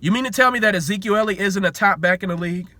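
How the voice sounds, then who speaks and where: Man, 20s, sports vlogger, heated rant, very high voice, dry close sound. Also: rapid-fire, bright, forceful tone, dry recording. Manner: heated, repetitive rhetorical questions, swears freely. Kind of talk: ranting sports commentary.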